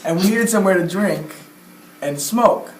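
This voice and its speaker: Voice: mid-range voice, normal speed. Chatty young speaker in an echoey room. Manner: chatty, frequent "like" and "okay" fillers. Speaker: podcast co-host. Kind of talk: casual storytelling chat. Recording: echoey room with faint hiss.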